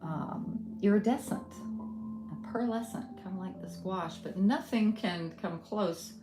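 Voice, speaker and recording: A middle-aged woman from Western North Carolina with a Southern accent, teaching a casual live painting tutorial, thinking aloud with many ums and soft laughs. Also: medium pitch, takes it slowly. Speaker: art instructor. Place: home art studio. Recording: roomy studio with guitar music behind.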